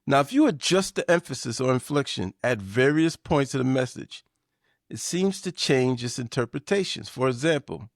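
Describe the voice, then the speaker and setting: A man hosting a business lesson, delivering a scripted talk with measured, emphatic shifts in inflection. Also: medium pitch, lively intonation, no room sound, studio quality. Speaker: podcast host.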